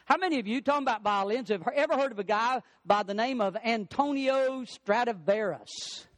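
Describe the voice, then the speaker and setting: A middle-aged male pastor preaching a sermon, swinging his pitch and pace for emphasis. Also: moderate pace, fairly bright tone, dry recording.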